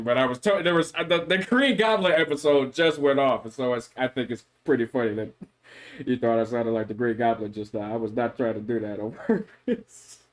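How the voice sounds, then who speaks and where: A man, a streamer, chatting casually on a livestream in an animated, mock-solemn lecturing way. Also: medium pitch. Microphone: microphone.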